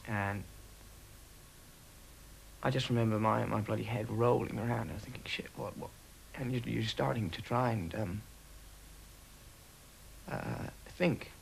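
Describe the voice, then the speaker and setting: A man who served as aircrew, recalling events in a documentary interview in a halting way, with many pauses and fillers. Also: on the low side, vocal fry, slight background noise, low-quality recording. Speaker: former RAF aircrew interviewee.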